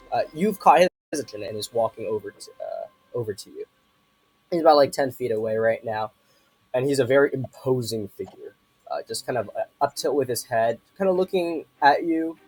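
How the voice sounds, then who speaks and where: A man running a tabletop game as game master, with a slightly husky voice that rises and falls a lot. He narrates casually and hesitantly, filling gaps with ums and uhs, over faint background music. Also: mid-range voice, a little mellow, poor audio. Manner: casual, hesitant, full of fillers.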